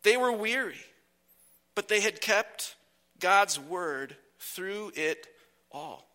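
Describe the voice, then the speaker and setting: Bright-voiced man preaching while sick. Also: high voice, expressive. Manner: earnest, emphatic preaching with slow drawn-out phrases. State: sick, slightly whiny voice. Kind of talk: sermon.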